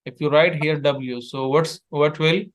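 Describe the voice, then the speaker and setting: A man teaching letters one by one, speaking slowly and patiently. His voice sits a little high, and his English is halting as he repeats each sound for his student. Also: fairly even intonation. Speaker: Arabic tutor. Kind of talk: one-on-one online language lesson.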